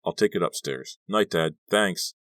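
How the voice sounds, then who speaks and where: A man's voice: deep voice, a little slow, a bit bright, dry recording. A man voicing a shaken, weary teenage boy who talks in a tense, earnest way, recorded dry and close. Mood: uneasy.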